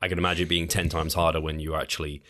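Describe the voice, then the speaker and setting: A low-voiced man hosts a podcast and chats with his guest. He sounds relaxed and conversational, thinking aloud as he talks. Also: very fast. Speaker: podcast host. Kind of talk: casual podcast chat.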